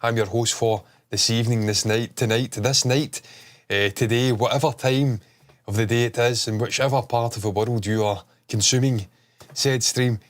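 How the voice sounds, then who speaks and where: A man's voice: medium pitch, steady tone, normal speed. Brief: male host, blocked nose, loose rambling delivery, casual swearing. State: stuffed-up nose. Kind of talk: casual chat stream.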